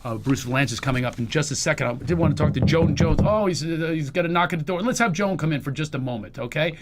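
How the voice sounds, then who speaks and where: A man's voice: a little high, expressive, heavy background noise. A man hosting a comedy talk show, joking, telling stories and reading an ad in casual banter. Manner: joking, storytelling, quick asides.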